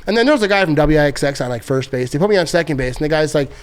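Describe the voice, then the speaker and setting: Young male podcast guest, slightly high-pitched, loose rambling storyteller with lots of fillers and laughs. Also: lively intonation, rapid-fire, smooth. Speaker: podcast guest, sports content creator. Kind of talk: casual storytelling.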